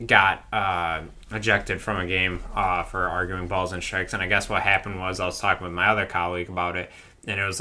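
Bright, animated young man hosting a podcast. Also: on the low side. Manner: animated, loudly mimics umpires. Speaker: podcast host. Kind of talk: casual podcast chat.

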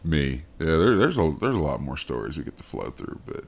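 A man's voice: a bass voice, sing-song, brisk, breathy edge. Laughing, profane podcast host man. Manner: profane, laughing, acts out quotes. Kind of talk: casual chat.

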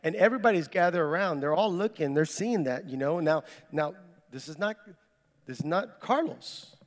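High-voiced preacher in an echoing hall. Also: male voice, moderate pace. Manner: animated storyteller, reenacts his own words. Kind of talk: sermon with personal testimony. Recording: echoey hall with long reverb.

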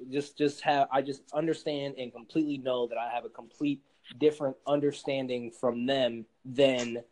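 A man who coaches youth sports, talking animatedly on a podcast and sometimes shouting out sideline calls. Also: medium pitch, poor audio. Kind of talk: casual podcast chat.

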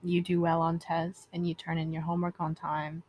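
A woman's voice: on the low side, little pitch movement, darkish tone, husky. A young woman co-hosting a casual chat podcast, talking in a chatty way full of fillers. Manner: chatty, fast filler-heavy talk. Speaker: podcast co-host.

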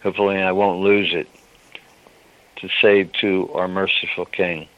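Male radio ministry host, low voice, slow and emotional, muffled lo-fi radio sound. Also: little pitch movement. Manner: slow, tender and pleading, emotional. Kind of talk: devotional radio talk. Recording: dull lo-fi radio broadcast.

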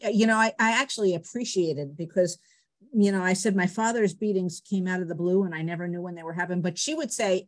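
A middle-aged woman telling family stories over a video call, with a mid-pitched voice. Her delivery is animated and lively, and she breaks into laughter often. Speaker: guest speaker. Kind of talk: personal storytelling.

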